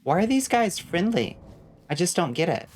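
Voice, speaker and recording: A woman's voice: on the low side, very animated, moderate pace, darkish tone. A young adult woman streaming a game, chatting casually and reacting to chat in a wry, blunt way with some swearing. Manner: wry and blunt, reading chat aloud and riffing with frequent swearing.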